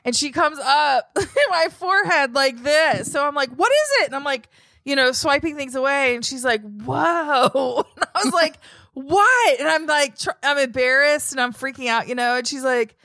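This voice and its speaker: A woman's voice: sits high, dry recording. A woman co-hosting a podcast, telling stories in casual chat and acting out the lines of other people. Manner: animated storyteller, acts out quotes. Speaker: podcast co-host.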